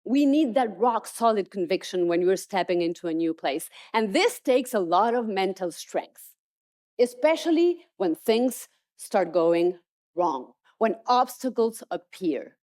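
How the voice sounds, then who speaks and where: A woman's voice: mid-range voice, lively intonation, measured pace, darkish tone. A woman motivational speaker telling stories emphatically in a keynote. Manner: storytelling, emphatic. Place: conference stage.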